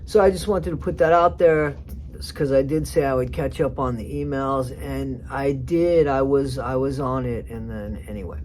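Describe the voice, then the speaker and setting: A woman's voice: rumbling low, moderate pace, darkish tone, a little hiss or hum. A woman giving casual, rambling commentary on a TV clip, chatty with sarcastic asides. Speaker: commentary vlogger.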